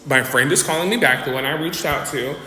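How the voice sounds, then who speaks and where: Man, lively storytime commentary, bright voice, echoey hall sound. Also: fairly high pitch, brisk. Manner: animated, dramatic retelling that acts out quotes. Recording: echoey reverberant room with faint noise.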